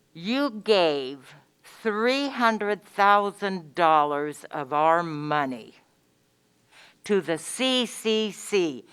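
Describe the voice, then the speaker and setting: A woman speaks at a county meeting's public comment, angry and emphatic, hammering her points by repeating them. Her voice is clear and smooth, and she talks slowly. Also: lowish voice.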